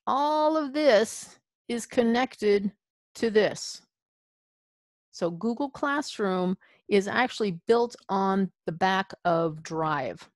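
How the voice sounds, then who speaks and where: A woman runs an adult education training session as an instructional webinar, keeping things chatty and informal and asking "okay?" as she goes. Her voice is mid-range, with no room sound.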